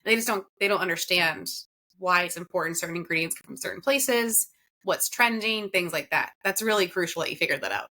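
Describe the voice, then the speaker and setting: A woman's voice: on the low side, animated, brisk, sharp tone. A woman hosting a casual interview, responding to her guest with encouraging remarks. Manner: encouraging, affirming reactions. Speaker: podcast host.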